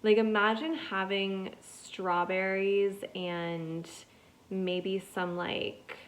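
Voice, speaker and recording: This is a woman hosting her own podcast, talking alone into the mic in a loose, chatty way. Her voice sits at an ordinary middle pitch. She meanders through anecdotes and leans on "like" in almost every sentence. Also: little pitch movement, very slow. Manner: rambling, chatty, heavy use of "like". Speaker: podcast host. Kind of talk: casual solo storytelling.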